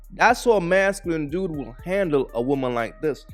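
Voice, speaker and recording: A man's voice: sits high, expressive, normal speed, few pauses, soft background music. A man hosting a reaction video, giving blunt, mocking, opinionated commentary on clips.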